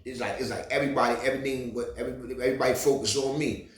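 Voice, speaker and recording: Animated New man telling a story. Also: mid-range voice, racing, reverberant. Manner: animated, profane, repeats "you heard". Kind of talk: casual street storytelling.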